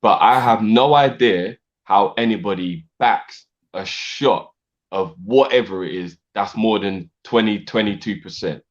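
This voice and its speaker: A man's voice: lowish voice, a little slow. A man co-hosting a fan show, talking in a laid-back, slangy way. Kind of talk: casual football banter. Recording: dull sound.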